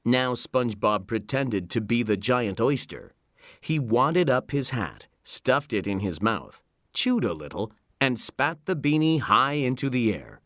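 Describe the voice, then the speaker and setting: A man reading a children's story aloud in a slow, expressive narration. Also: medium pitch, no echo, studio quality. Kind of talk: scripted narration.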